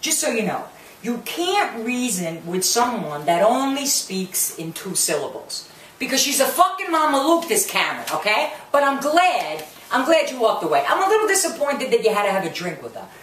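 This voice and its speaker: Her voice on the high side and swinging widely in pitch, a woman delivers a brash, expletive-laden reality-show review at a moderate pace, mocking the cast and slipping in Italian curses. The tone is a bit bright, and she's recorded off-mic in an echoey room with slight background noise and faint ambience.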